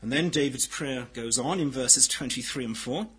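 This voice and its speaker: A man preaching a sermon in a deliberate, emphatic way, swinging from loud declarations to hushed, quiet lines. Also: mid-range voice, slightly rough, low-quality recording.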